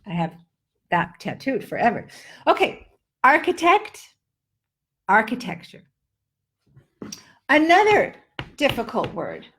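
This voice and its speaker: A woman's voice: a little high, wildly swooping pitch, a bit bright. A middle-aged woman teaching English pronunciation in a live online lesson, drawing out words in playful drills. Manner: playful, drawn-out word drills.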